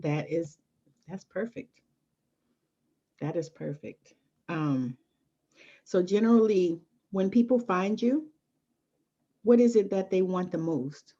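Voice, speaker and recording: A woman's voice: fairly low pitch, slow pace, pauses often, warm tone. A woman hosting a podcast interview, enthusiastic and chatty with frequent fillers. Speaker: podcast host. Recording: dull lo-fi audio.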